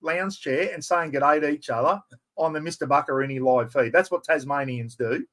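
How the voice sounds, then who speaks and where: Excitable Australian man hosting a stream. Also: fairly high pitch, fairly quick. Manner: excitable, chatty, self-mocking. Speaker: live stream host. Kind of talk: casual live stream giveaway chat.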